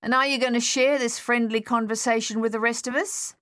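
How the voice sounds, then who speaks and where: Woman reading a short-tempered captain: bark the orders, loud and raised. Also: a little high, fairly even intonation, brisk, dry recording, studio quality, voice pushed up, close to an everyday voice. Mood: gruff, impatient. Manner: snapping, barked orders. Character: gruff, short-tempered male army captain.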